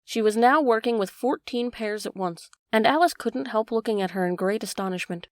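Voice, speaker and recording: A woman narrating a classic storybook in a steady, even reading. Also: on the high side, fairly quick, few pauses, dry recording, clean studio sound.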